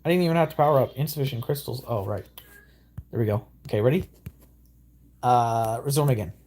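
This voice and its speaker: A young man giving excitable, rambling gameplay commentary with exaggerated outbursts. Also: mid-range voice, a little fast. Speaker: gaming YouTuber.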